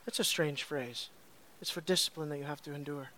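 A pastor preaching a sermon with an emphatic, questioning style. The delivery drops to hushed tones and then rises to forceful ones. The sound is dry and close, with a voice of middling pitch. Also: a little fast, no room sound.

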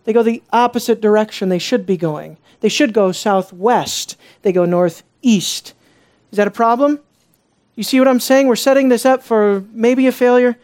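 A Bible teacher talks through a passage in a relaxed, conversational sermon. The delivery is full of asides and restarts. Rhetorical questions to the listeners come again and again. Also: mid-range voice, moderate pace. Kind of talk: expository sermon.

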